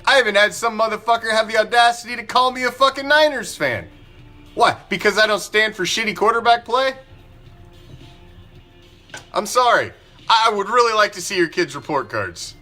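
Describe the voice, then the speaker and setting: Casting: fiery male fan-show host, bright forceful voice, angry profane rant, faint music underneath. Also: high voice, animated, normal speed, long pauses. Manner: angry, profane, emphatic ranting with repetition. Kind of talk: ranting live sports commentary.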